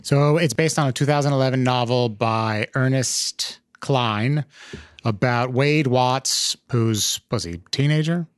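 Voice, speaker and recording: A man's voice: medium pitch, a little slow, clean tone, no room sound, clean studio sound. Playful man co-hosting a film podcast. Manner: playful, hyperbolic. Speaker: podcast co-host. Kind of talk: energetic podcast intro and chat.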